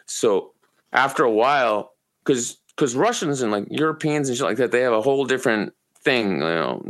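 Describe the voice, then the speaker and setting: A man from Maine co-hosting a podcast, telling long rambling, profane stories in a relaxed, casual way. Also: medium pitch, moderate pace. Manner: profane, rambling, laid-back storyteller. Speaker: podcast co-host. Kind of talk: casual storytelling chat.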